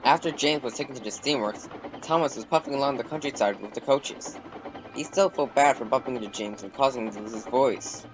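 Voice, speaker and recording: A man narrating a storybook in a plain, steady way. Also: medium pitch, brisk, muffled recording, noisy background. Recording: music behind the voice.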